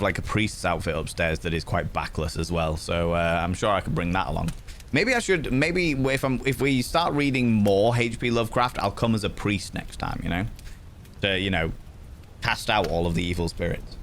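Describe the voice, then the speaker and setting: A man's voice: lowish voice, fairly bright tone, a little hiss or hum. A young man hosting a livestream, chatting casually and greeting viewers by name as he reads their comments aloud. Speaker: livestream host.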